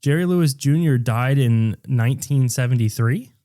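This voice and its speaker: A man's voice: mid-range voice, moderate pace, mellow, no echo, clean studio sound. A man co-hosting a podcast, telling crude stories in casual chat and quoting people as he goes. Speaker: podcast co-host.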